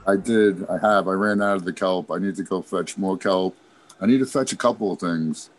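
A man's voice: sits low, moderate pace. A man hosting a casual podcast chat, laid-back and rambling, laughing often. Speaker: podcast host. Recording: faint background noise.

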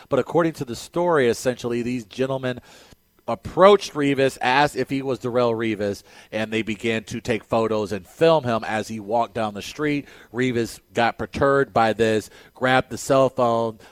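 A man's voice: fairly low pitch, no room sound. A man hosting a casual sports talk show, reading news items aloud and then giving emphatic, opinionated takes.

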